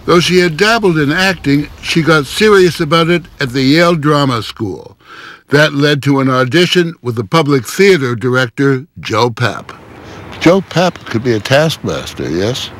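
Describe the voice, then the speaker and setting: A man narrating a TV news feature and interviewing in a measured, wry way. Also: fairly high pitch, animated, fairly bright tone. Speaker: TV news correspondent. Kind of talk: scripted broadcast narration and interview.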